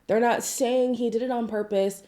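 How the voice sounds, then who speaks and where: A stuffy, nasal woman vlogger talking through celebrity news in a mellow, rounded tone. She chats casually, reads articles aloud and breaks off into quick asides, her pitch jumping up for emphasis. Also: fairly even intonation. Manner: chatty, asides and hedges, swoops up in pitch for emphasis. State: sick with a stuffy nose. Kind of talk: casual chat to camera, reading articles aloud.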